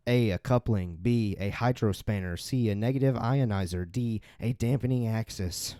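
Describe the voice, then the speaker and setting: Low, dark-voiced man reading trivia. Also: smooth, dry recording, clean studio sound. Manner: reads quiz questions in a slow, drawn-out way. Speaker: podcast co-host reading trivia questions. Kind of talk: casual chat.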